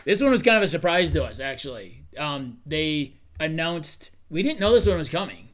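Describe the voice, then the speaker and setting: A man's voice: on the high side, big pitch swings, moderate pace, a bit bright, faint music behind. A man co-hosting a casual chat, rambling and hesitant with many restarts. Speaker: co-host.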